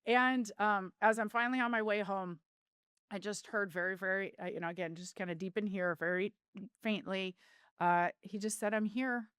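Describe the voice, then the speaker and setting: A woman's voice: medium pitch, fairly even intonation, normal speed, a bit bright, clean tone, no echo, clean studio sound. A middle-aged woman telling a personal story as a podcast guest, in an earnest, heartfelt way. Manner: earnest, heartfelt, with vivid retelling.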